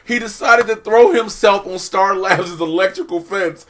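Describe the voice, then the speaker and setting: A man co-hosting a casual comedy review show, chiming in with animated, laughing banter. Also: high voice, normal speed. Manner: animated, laughing banter with squealed acted lines. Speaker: show co-host. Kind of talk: casual episode review chat.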